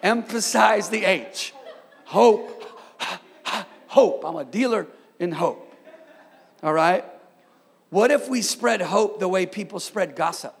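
A man, a pastor, preaching a sermon with energetic call-and-response and street slang. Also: high-pitched, measured pace, gravelly, slightly rough, in a large hall.

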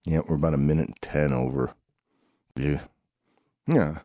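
A man's voice: very deep voice, steady tone, unhurried, warm tone, no echo, studio quality. A man improvising a playful, rambling comic story with banter between characters. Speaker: home show storyteller.

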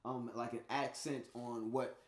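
A man's voice: medium pitch, flat delivery, a little slow. Laid-back man from the Bay Area. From San Francisco Bay Area. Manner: laid-back, laughs often, curses freely. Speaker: podcast co-host. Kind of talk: casual chat. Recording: roomy echo.

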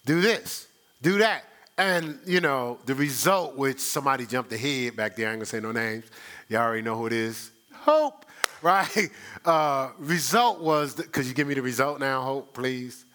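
A man's voice: mid-range voice, moderate pace, bright, forceful tone. A middle-aged man preaching a sermon as pastor, conversational and teasing his congregation.

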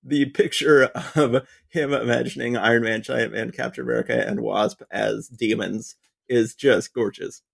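Gravelly, husky-voiced man chatting. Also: mid-range voice, steady tone, normal speed. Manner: chiming in with opinions and agreement. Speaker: podcast co-host. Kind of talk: casual podcast chat.

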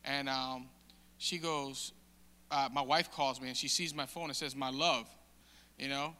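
A man giving a casual, halting testimony in a sermon, with many restarts and fillers. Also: mid-range voice, steady tone, sharp tone. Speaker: church member sharing testimony. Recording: long hall reverb.

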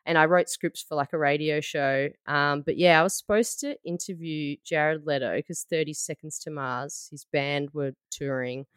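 This thirties-aged podcast co-host has a low, smooth voice with fairly even intonation. She's a chatty storyteller in casual conversation, quick to perform quoted lines, and the recording is studio quality without any room sound.

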